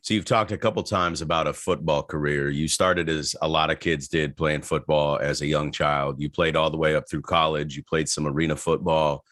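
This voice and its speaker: Super deep voiced host guy asking questions, dry close sound. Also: steady tone, fairly bright tone, dry recording. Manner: measured, curious questioning. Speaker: podcast host. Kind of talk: interview questions.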